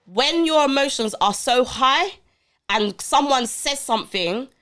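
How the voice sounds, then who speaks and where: A woman, a podcast guest telling a story in a lively, swearing way and acting out the voices in it. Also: sits high, measured pace. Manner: animated, acts out quotes, swears. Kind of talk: casual storytelling.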